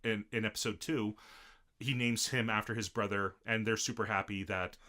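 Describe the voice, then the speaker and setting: A man's voice: lowish voice, moderate pace. A man co-hosting a casual podcast, retelling an anime episode and acting out the characters' lines as he goes. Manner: animated, acts out characters' lines mid-recap. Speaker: podcast co-host.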